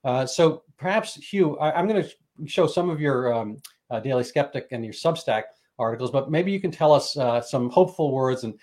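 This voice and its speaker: A man hosting a casual conversation, talking in a halting way with many restarts. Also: mid-range voice, a little mellow. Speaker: host.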